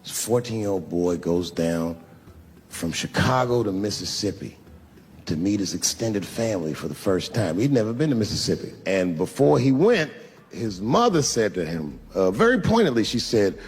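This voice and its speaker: A male stand-up comedian telling stories in a profane, animated way, jumping suddenly between loud and hushed. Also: on the low side, normal speed, breathy edge, long reverb tail. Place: stage in a large venue.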